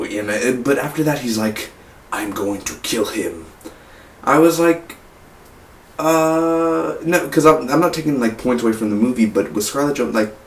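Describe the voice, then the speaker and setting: A man reviewing a movie in casual talk, rambling with many fillers and restarts. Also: mid-range voice. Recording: roomy echo, mic far off, faint hiss.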